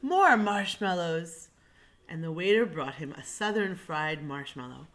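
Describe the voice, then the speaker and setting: A woman reading a picture book aloud in an animated way, pointing out the pictures to her listeners. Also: sits low, moderate pace. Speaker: reader.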